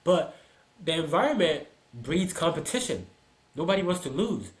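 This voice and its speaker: Guy on a podcast, kinda high voice, gets animated acting out quotes. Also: normal speed. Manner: animated storyteller, acts out quoted people. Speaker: podcast co-host and soccer dad. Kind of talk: casual chat.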